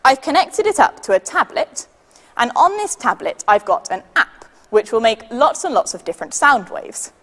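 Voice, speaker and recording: A woman with a British accent leading a children's science demonstration, patient and lively, counting down for the audience to join in. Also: a little high, moderate pace, big-room sound. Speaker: science workshop leader.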